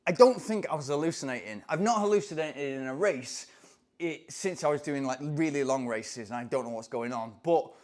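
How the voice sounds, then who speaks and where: A man from England, a running coach telling a story in an animated, excitable way. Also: medium pitch, moderate pace. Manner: animated, excitable, acts out voices in anecdotes. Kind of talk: casual storytelling to camera.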